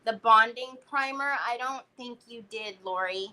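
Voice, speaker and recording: Bright, high-pitched chatty woman host. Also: a little slow, a little hiss or hum. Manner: chatty and playful, uses cutesy baby talk; reads out viewers' chat comments. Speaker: crafting livestream host. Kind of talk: casual live-stream chat while crafting.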